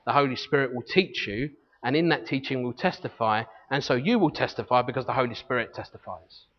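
Male pastor, mid-pitched, earnest sermon delivery, lo-fi recording with a long reverb tail. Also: brisk. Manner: earnest teaching, reads scripture aloud, frequent restarts. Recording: long hall reverb, dull lo-fi sound.

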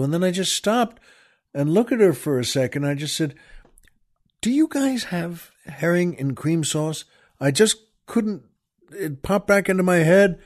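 An older man hosts a talk show podcast in a voice that's on the high side with a darkish tone. He tells a rambling, wry story in a casual monologue, with small laughs and restarts.

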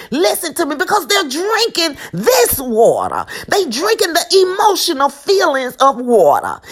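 Husky woman preaching a fiery sermon. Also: high voice. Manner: emphatic, repeats lines, frequent "hello?" asides. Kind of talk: impassioned sermon.

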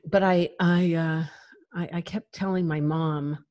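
A woman speaks as an interview guest in a somewhat low voice, recounting her own life candidly. She talks frankly and with emphasis, laughing lightly between phrases. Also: fairly even intonation, unhurried, darkish tone. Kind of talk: candid personal storytelling.

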